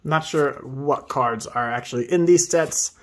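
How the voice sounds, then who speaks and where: A man hosting a casual pack-opening video, excitably reading card names aloud and hyping himself up. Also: medium pitch, unhurried. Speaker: host opening card packs.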